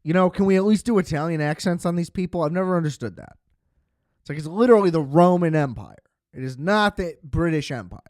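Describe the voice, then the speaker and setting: Smooth, dry-sounding podcast host rambling sarcastically. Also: male voice, a little high, fast talker, a little mellow, no room sound. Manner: rambling, sarcastic, swears freely, many fillers. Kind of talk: casual film review monologue.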